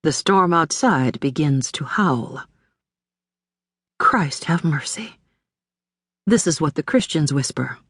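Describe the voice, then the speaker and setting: A woman narrating a literary audiobook in a measured, deliberate way, recorded on a close studio mic. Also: low-pitched, expressive, a bit bright, breathy edge, dry recording.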